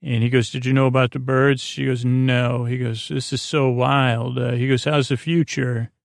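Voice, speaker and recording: A man hosting a bedtime podcast, loosely retelling a story in a halting way, full of uh fillers and restarts, paraphrasing the dialogue without doing voices. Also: mid-range voice, flat delivery, creaky, dry recording, studio quality. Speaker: podcast host. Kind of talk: relaxed bedtime story recap.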